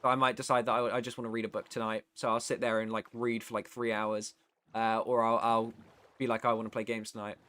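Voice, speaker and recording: A man's voice: lowish voice, level tone, quick pace, fairly bright tone. A man from the United Kingdom chatting casually on a live stream, reading chat aloud and rambling with the odd swear. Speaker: streamer and voice actor.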